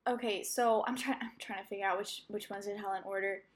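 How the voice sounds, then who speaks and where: A woman's voice: medium pitch, fairly quick. A young adult woman hosting a solo podcast, rambling through a personal story with lots of fillers and self-corrections. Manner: animated, acting out her own reactions. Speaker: podcast host.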